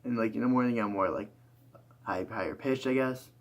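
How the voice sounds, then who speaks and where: A man's voice: medium pitch, brisk. A tired young man talking through a rambling, reflective monologue, full of fillers and restarts. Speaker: YouTuber.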